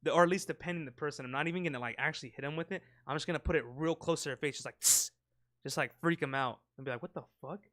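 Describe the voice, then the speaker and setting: A man chats on a podcast in a slightly high voice, rambling and cursing as he acts out little hissing sound effects. The sound is close and dry, with no room around it. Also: rapid-fire, a bit bright, no room sound. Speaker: podcast co-host. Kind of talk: casual podcast banter. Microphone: close podcast mic.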